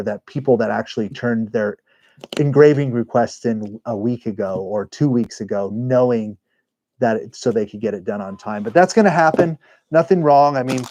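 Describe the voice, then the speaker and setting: Man, livestream host, warm mellow tone, rambling and chatty. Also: medium pitch, no room sound. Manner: rambling, self-correcting, chatty. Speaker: livestream host and engraving business owner. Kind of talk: casual live-stream chat.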